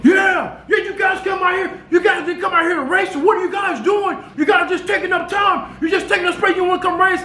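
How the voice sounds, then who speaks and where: A man doing a hyped, shouting street racer. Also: extremely high pitch, fairly even intonation, a little fast, few pauses, roomy sound, slight background noise, pitched above the performer's own voice. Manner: shouting, taunting. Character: hyped loud young man racer taunting.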